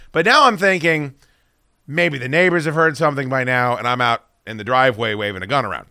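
A man hosting a podcast, telling a story casually and with lots of swearing, acting out his own shouts. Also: medium pitch, brisk, dry recording, studio quality. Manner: profane, animated, acts out his own shouting. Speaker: podcast host.

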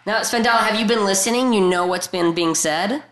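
A woman's voice: mid-range voice, a little fast, reverberant, background noise. A woman hosting an improvised comedy call-in show, asking probing questions in a mock-earnest talk-show way. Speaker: comedy podcast host playing a talk-show host.

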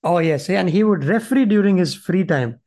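High-voiced Maharashtrian man chatting. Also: expressive, normal speed, darkish tone. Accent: Indian English, Maharashtrian. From Maharashtra, India. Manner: chatty, switches into Hindi. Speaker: podcast co-host. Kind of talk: casual chat.

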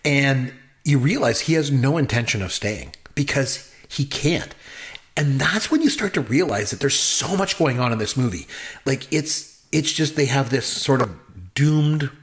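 A man's voice: mid-range voice, animated, a little slow. A man co-hosting a casual movie talk, enthusiastic and rambling, with lots of fillers. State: married. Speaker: podcast co-host.

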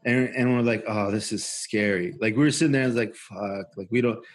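Husky man telling a rambling story. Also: mid-range voice, fast talker. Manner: rambling, profane, many fillers and restarts. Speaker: podcast co-host. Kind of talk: casual storytelling.

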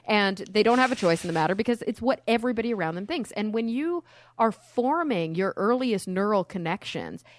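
A woman from Texas, a science guest on a podcast, talking in an outspoken, animated, rambling way. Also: mid-range voice, brisk, dry recording. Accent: none, no Southern accent. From Texas, USA. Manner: outspoken, animated, talks in long rambling stretches. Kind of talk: casual podcast interview.

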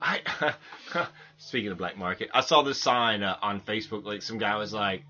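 A man's voice: on the low side, normal speed, pushed and bright. Rambling joking podcast host man. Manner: rambling, joking, many fillers and restarts. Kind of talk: casual podcast banter. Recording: muffled lo-fi podcast audio.

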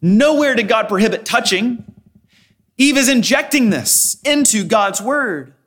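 Male preacher, high voice, expository sermon with frequent scripture quotes and emphatic repeats. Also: expressive, unhurried, fairly bright tone. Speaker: pastor.

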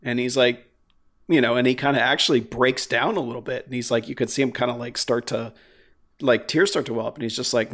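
A man's voice: mid-range voice, fairly quick, vocal fry. A man in casual podcast chat, rambling with many fillers and frequent swearing.

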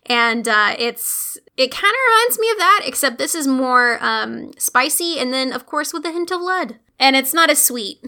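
A young woman in her twenties telling a childhood story in a casual chat, animated and giggly, acting out the voices of others. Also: high voice, a little slow. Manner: animated, giggly, swears, acts out voices in quotes. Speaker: podcast co-host, younger sister.

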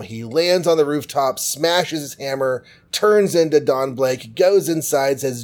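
A man's voice: mid-range voice, a little slow, hardly any pauses, darkish tone. A man hosting a podcast, recapping a comic book in a chatty, jokey way. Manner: chatty, jokey, full of fillers. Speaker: podcast host.

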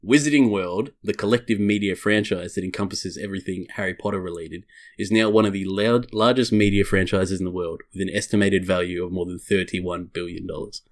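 Low-voiced man reading a podcast segment. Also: fairly even intonation, fairly quick. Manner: wry, jokey asides with casual swearing. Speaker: podcast host. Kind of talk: reading a prepared segment in casual podcast chat.

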